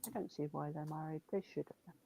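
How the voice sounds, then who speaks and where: A woman's voice: deep voice, steady tone, quick pace, vocal fry, warm tone, slight background noise, low-quality recording. A young woman in casual chat, telling rambling family stories full of swearing and "I'm like".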